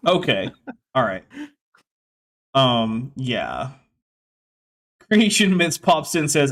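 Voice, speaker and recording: A man's voice: medium pitch, animated, takes it slowly, pauses often, a bit bright. A man hosting a live stream, chatting casually and sardonically, with frequent fillers. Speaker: streamer and host.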